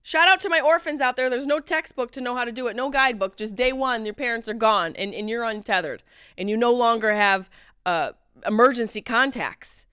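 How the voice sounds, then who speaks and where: Woman comic host in her late thirties, higher voice, crisp and dry, lively swings from shouts to mutters. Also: a little fast, no echo. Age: late 30s. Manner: animated, wry, mimics others in mock voices; swings between loud outbursts and low mutters. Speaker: podcast host. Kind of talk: comedic monologue.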